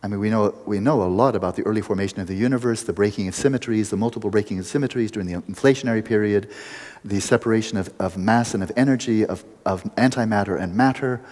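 A man's voice: on the low side, darkish tone, big-room sound. A man giving a meditation retreat lecture, playful and teasing, telling stories and laughing often. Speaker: meditation teacher.

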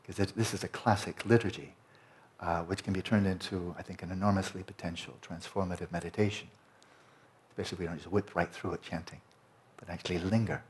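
A man teaching a Buddhist Dharma talk, explaining slowly and lingering over Tibetan and Sanskrit terms. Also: sits low, steady tone. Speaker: meditation teacher.

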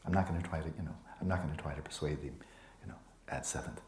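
A man teaching meditation to a retreat group, relaxed and playful, often sinking into a soft whisper and teasing students by name. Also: rumbling low, fast talker, a little hiss or hum. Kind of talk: dharma talk to a retreat group. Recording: echoey room with faint ambience.

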